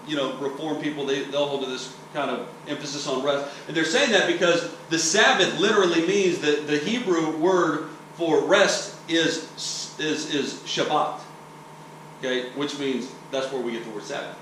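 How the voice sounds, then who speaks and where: A man's voice: fairly high pitch, moderate pace, fairly bright tone. A preacher from Texas giving a teaching sermon in a conversational, explanatory way, often checking in with "okay?" and restarting his sentences. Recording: roomy echo, distant mic, faint hiss.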